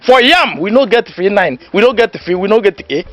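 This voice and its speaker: An actor with a Nigerian accent playing a boisterous village know-it-all who gives mock lessons and laughs mid-sentence. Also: male voice, high voice, animated, a little fast, fairly bright tone. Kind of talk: Nollywood comedy film acting. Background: faint background music.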